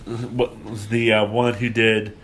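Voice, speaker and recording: A man's voice: lowish voice, little pitch movement, slow pace, a crowd in the background. A man hosting a casual movie podcast, rambling with many fillers and restarts, recorded at someone's home. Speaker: podcast host. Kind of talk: casual movie review chat. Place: guests' home, remote location.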